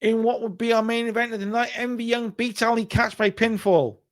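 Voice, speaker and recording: A man's voice: very high voice, fairly even intonation, a little fast. A man casually narrating and recapping matches in a wrestling simulation game. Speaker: game commentator. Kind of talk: let's play narration of a wrestling sim.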